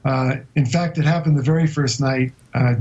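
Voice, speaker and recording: A man being interviewed as a guest explorer, telling a long story in a vivid but halting way with many hesitations. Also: medium pitch, fairly even intonation, darkish tone, dull audio. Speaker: guest explorer recounting an expedition.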